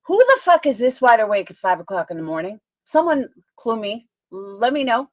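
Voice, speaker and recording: Gushing middle-aged woman streamer, swooping pitch. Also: normal speed. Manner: gushing and animated. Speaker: livestreamer. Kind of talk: casual livestream chat.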